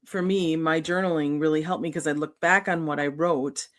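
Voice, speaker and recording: Middle-aged woman, halting and earnest. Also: sits low, steady tone. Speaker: author guest. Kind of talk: candid personal storytelling.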